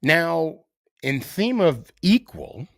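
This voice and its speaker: A middle-aged man talks alone on his podcast, slow and unhurried, and his pitch climbs and falls a lot. He halts often on "uh" and "um" and restarts his phrases. The sound is dry and close. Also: big pitch swings, gravelly, no echo. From United States. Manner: hesitant, many fillers and restarts. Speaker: podcast host. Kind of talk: solo podcast monologue.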